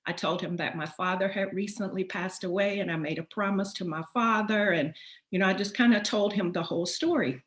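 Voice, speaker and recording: A woman's voice: medium pitch, brisk. Roomy-sounding woman telling a story. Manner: animated, emphatic retelling. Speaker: host. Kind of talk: personal storytelling. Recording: roomy echo.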